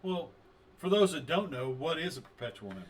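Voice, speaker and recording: A man's voice: a little high, sing-song, a little fast. A man co-hosting a podcast in casual chat, chiming in with short agreements and questions. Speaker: podcast co-host.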